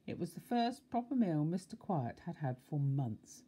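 Older woman, bedtime story reading, husky, very lively pitch. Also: moderate pace, few pauses. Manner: expressive, with asides to the child. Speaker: grandmother reading aloud.

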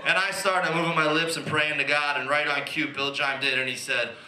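A man delivering a stand-up routine, loud and animated, slightly high for a man. The club around him is echoey and busy with crowd noise. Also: a little fast. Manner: loud, animated storytelling with put-on voices. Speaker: stand-up comedian. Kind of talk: stand-up comedy set. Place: comedy club stage.

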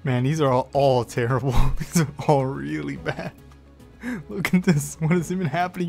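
A man giving excitable let's play commentary, swearing often and taunting the creatures on screen. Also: mid-range voice, gravelly. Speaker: gaming YouTuber.

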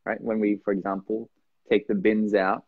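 A man from Norway, a podcast guest talking casually and animatedly, acting out voices with big pitch jumps. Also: flat delivery, normal speed, breathy edge, no room sound, phone-quality sound. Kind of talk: casual conversation.

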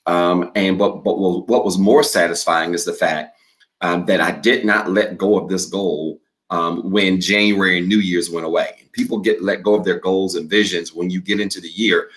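A man preaching as a pastor, upbeat and direct, reading declarations slowly so listeners can repeat after him. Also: deep voice, fairly even intonation, fairly bright tone. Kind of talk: sermon with responsive reading.

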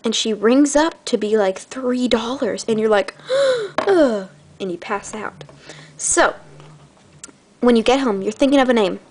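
A woman's voice: on the high side, moderate pace, darkish tone, slight background noise. A teenage girl hosting her own channel, chatting in a bubbly, rambling way with dramatic gasps. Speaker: channel host. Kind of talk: casual vlog chat.

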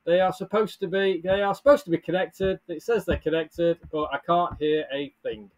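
A man chats live to his viewers in a bright, high-pitched voice. He is upbeat and casual, calling out names from the chat and laughing easily between greetings. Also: steady tone, normal speed. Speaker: livestream host. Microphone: headset or earbuds with desk mic.

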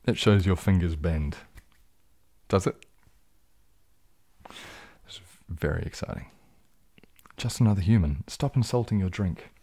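A New Zealand man with a deep, husky voice streams ASMR, reading viewer comments aloud and answering them in a low, laid-back manner. His soft-spoken, casual live-stream chat is animated yet mellow, a little slow, with frequent pauses.

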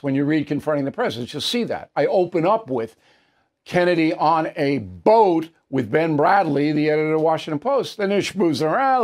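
A man's voice: on the high side, darkish tone. Blunt, sarcastic male commentary host. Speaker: political commentary show host. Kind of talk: opinionated solo commentary.

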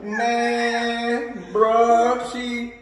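A man's voice: very high voice, extremely slow. A man in his thirties telling a funny story in casual chat, laughing often and acting out the voices. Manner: animated, laughing a lot, acting out quotes. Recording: very echoey room.

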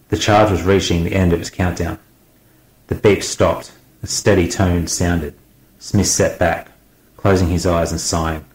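Brief: male audiobook narrator, deep and steady, dramatic delivery, echoey room.

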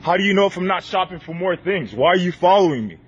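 A man filming on his phone inside a large store, loudly and insistently confronting staff who follow him. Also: high voice, lively intonation, fast talker, breathy edge, muffled recording. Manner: loud, insistent, repeating demands. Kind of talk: heated filmed confrontation. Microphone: handheld phone recording.

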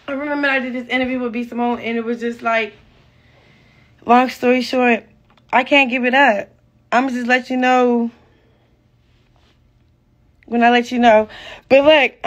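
A woman talking casually on a live stream, rambling and excitable, full of slang and losing her train of thought. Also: fairly high pitch, highs cut off.

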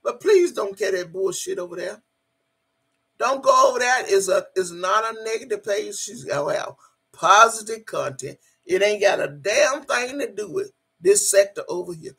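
A woman's voice: medium pitch, expressive, moderate pace, gravelly, a bit bright, husky. A middle-aged woman hosting a casual livestream, reading out the chat and talking straight to viewers, emotional and swearing freely.

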